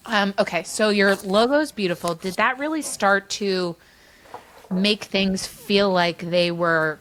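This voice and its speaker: Woman host, mid-pitched voice, effusive, encouraging interview style. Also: slow, fairly bright tone. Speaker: podcast host. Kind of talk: conversational interview.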